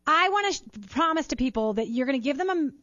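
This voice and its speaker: A woman's voice: high-pitched, lively intonation, fast talker, a bit bright, no room sound, lo-fi sound. Enthusiastic radio host woman, dry studio sound. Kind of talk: radio interview.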